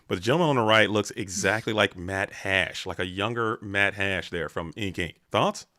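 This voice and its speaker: A man giving live tournament commentary on a card game, talking in an analytical, measured way with frequent hesitations. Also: lowish voice, bright, forceful tone, no room sound, clean studio sound.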